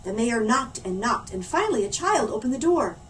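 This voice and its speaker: A woman librarian reading a storybook aloud to children, expressive and animated. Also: a little high, fairly quick. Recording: distant mic, faint room hum.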